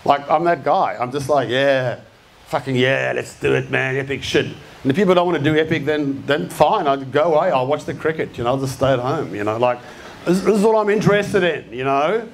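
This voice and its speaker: A man's voice: a little high, expressive, a little fast, a little hiss or hum. Blunt, swearing Australian man in his fifties. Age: 50s. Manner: blunt, swears constantly, punchy and rousing. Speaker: speaker. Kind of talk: live motivational talk. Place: event venue with an audience.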